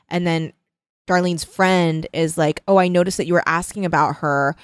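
A woman's voice: lowish voice, a little slow, clear, resonant tone, dry recording. A woman in casual chat, animatedly retelling a book's plot and acting out the characters' lines. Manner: animated retelling with quoted voices. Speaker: co-host discussing a book.

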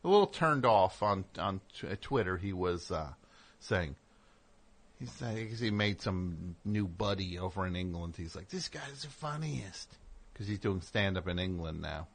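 A middle-aged man hosts a radio show, speaking at normal speed in a low voice. His on-air monologue rambles and digresses, interrupting itself with sarcastic asides.

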